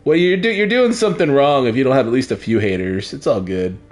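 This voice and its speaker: A man's voice: mid-range voice, lively intonation, fast talker, darkish tone, soft background music. Crude, rambling male game streamer. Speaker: gaming streamer. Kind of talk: casual gameplay commentary.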